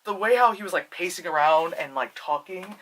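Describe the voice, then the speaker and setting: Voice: mid-range voice, brisk, a little hiss or hum. A film reviewer giving a casual spoiler review, rambling and profane, with "like" and "you know" all through. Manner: animated, profane, acts out scenes with voices.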